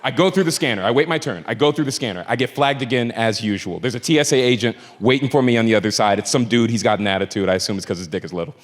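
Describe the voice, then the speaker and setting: A man telling a stand-up story on a club stage, moving from low mutters to shouted punchlines. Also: rapid-fire, hardly any pauses. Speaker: stand-up comedian. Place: comedy club stage before a live audience. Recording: live club recording, long reverb, crowd noise. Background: audience laughter.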